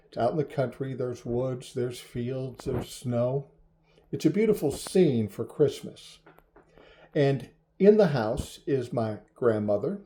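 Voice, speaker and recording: Older man, casual storyteller, wry and profane, mellow husky voice. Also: medium pitch, rough recording.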